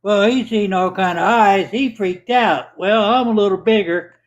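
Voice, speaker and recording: A man's voice: high voice, moderate pace, highs cut off. A man who is a guest on a stream, telling a story in a laid-back, drawling way. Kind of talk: casual storytelling.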